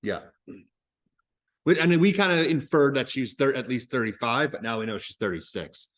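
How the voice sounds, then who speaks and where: A man reads stage directions from a play to a class. He pauses to explain points in a casual, conversational tone. His pitch sits at an ordinary middle level. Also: animated, a bit bright. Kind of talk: reading a play aloud with commentary.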